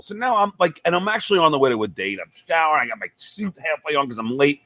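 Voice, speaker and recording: A man telling a wild story as an interview guest, animated and emphatic, swearing freely. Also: a little high, fast talker, hardly any pauses. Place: club stage.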